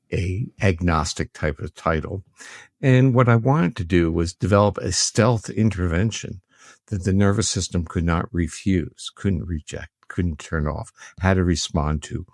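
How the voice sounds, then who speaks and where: An older man with a very low, deep voice talks through his research in a measured, academic way. The sound is dry and close, with no room around it. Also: a little mellow, no echo. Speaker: guest, researcher. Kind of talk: explanatory interview talk.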